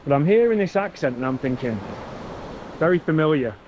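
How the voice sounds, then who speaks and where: A man's voice: medium pitch, very animated, fast talker, mellow, lo-fi sound, a little hiss or hum. A man with a Warrington accent, chatting casually while walking along a beach, telling stories in a self-mocking way. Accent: northern English, Warrington. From England. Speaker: travel vlogger. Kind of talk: casual walking vlog chat. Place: outdoors on a beach.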